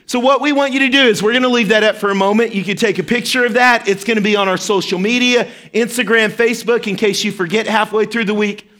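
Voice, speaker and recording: A male pastor with a notably high voice preaches a sermon in church. He keeps it upbeat and interactive, checking in with the congregation as he goes. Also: steady tone, quick pace, few pauses, bright, forceful tone. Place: church service before a congregation.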